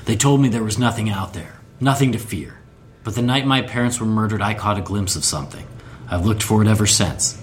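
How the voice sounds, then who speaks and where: A man voicing a brooding young Bruce Wayne, reading a dark vow in a grim, measured tone. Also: a little hiss or hum, lightly acted. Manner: low, grim, measured delivery.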